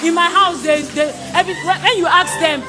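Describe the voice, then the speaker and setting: A young Nigerian woman giving an excited church testimony, exclaiming and repeating phrases. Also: very high-pitched, brisk, over music, a crowd in the background. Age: young adult.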